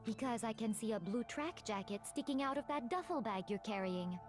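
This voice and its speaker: A woman voicing a composed, formal young female gambler in a game, speaking smoothly with a faintly teasing politeness. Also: a little high, lively intonation, fairly quick, soft background music, lightly acted. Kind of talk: English game voice acting.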